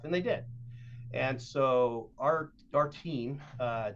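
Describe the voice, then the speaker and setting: Rambling middle-aged coach on lo-fi audio. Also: male voice, medium pitch, takes it slowly, a bit bright. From Southern Oregon, USA. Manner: rambling, with frequent "uh" and "like", acting out quoted dialogue. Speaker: guest, youth travel baseball coach. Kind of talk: casual podcast storytelling.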